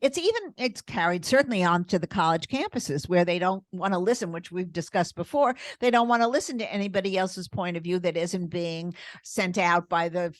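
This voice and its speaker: A woman's voice: on the low side, fairly quick, dry recording, studio quality. An older woman co-hosting a casual chat, giving emphatic opinions in long runs with fillers. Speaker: grandmother co-host.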